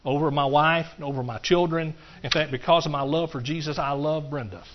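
A middle-aged man preaches in a folksy, animated way, talking straight to his congregation between points. His voice sits a little higher than most men's. The recording is slightly dull and lo-fi. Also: brisk. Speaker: pastor. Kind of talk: sermon.

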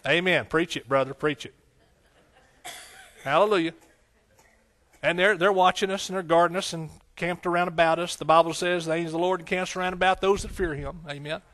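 A man's voice: fairly high pitch, fairly even intonation, a little fast, pauses often, fairly bright tone. A man preaching a folksy, conversational sermon, with frequent amens and hallelujahs. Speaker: pastor.

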